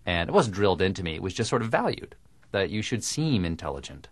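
Deadpan guy with super crisp diction, lowish voice, very dry studio mic. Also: fast, no room sound. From American South. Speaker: comedian guest. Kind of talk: radio interview conversation.

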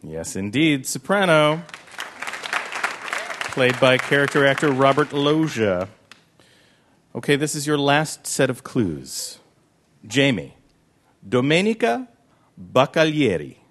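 A man running a quiz game on a live show, joking in a dry, deadpan way with an audience laughing. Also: slow pace, pauses often, some chatter behind, a little hiss or hum. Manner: dry, deadpan joking with lively pitch swings.

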